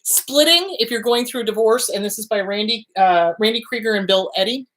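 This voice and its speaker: A middle-aged woman therapist hosting her show, explaining trauma responses in an animated, chatty way with frequent asides. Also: a little high, fairly quick. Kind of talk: casual educational talk.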